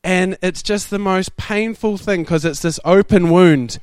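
Animated New man telling a sermon story. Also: high voice, measured pace, smooth, no room sound. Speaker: preacher.

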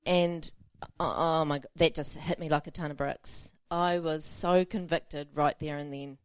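Woman preacher, lowish voice, dry sound, tells stories on herself and laughs a lot. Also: fairly even intonation, unhurried, clear, resonant tone, dry recording. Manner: storytelling, self-mocking, laughing often. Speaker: pastor. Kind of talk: sermon.

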